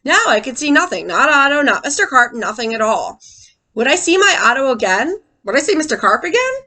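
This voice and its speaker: A woman teacher reading a picture book aloud to children in an animated way, stopping to ask them questions. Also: high voice, fairly quick.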